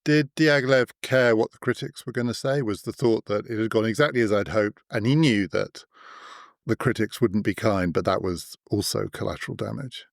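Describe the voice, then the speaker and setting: A man's voice: fairly low pitch, normal speed, gravelly, dry recording, clean studio sound. A man hosting a podcast, asking curious and thoughtful interview questions. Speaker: podcast host.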